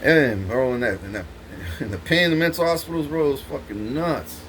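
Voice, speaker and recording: A man's voice: mid-range voice, lively intonation, fairly quick, fairly bright tone, a little hiss or hum. A man telling rambling stories in a boastful way, swearing constantly and laughing between lines. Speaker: vlogger. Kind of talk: rambling profane storytelling.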